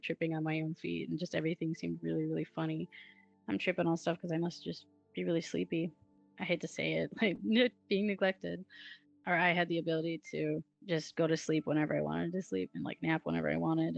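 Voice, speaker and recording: A woman telling her own story in a casual, chatty way, full of "like" fillers and quick giggles, on a slightly dull, lo-fi recording. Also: deep voice, creaky. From Wisconsin, USA. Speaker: guest telling her near-death experience. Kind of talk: casual first-person storytelling.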